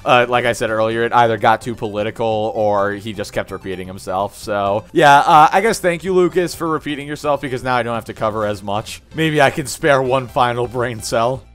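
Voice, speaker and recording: A man hosting a commentary video, talking in an exasperated, mocking and animated way about a streamer's clips. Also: medium pitch, brisk, hardly any pauses, faint music behind. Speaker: commentary channel host. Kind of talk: reaction commentary.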